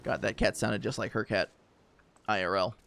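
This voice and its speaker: A man's voice: on the low side, fairly even intonation, normal speed, creaky, fairly bright tone, a little hiss or hum. A man chatting casually to his viewers while streaming a game, rambling with fillers and easy laughs. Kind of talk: casual gaming stream chat.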